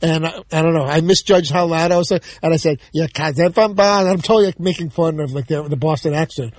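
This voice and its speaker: A man with a New York accent, a show regular telling a rambling story on talk radio with many halting restarts. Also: on the high side, no room sound.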